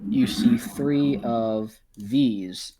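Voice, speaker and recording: A man's voice: mid-range voice, drawn-out words, warm tone, slight background noise. A man narrating as game master in a casual way, with many ums and uhs.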